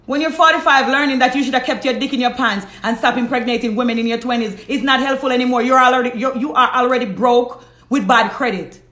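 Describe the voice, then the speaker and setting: A woman's voice: a little high, fairly even intonation, fast, few pauses, a bit bright. A Jamaican woman hosting a live stream, preaching bluntly and reading out viewer comments. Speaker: host. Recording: roomy echo.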